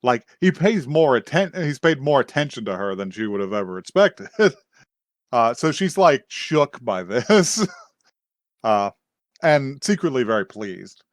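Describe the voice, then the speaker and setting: A man's voice: medium pitch, sing-song, unhurried, dry recording, studio quality. A man co-hosting a podcast, casually recapping an anime episode, laughing often and acting out quotes with lots of fillers. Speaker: podcast co-host.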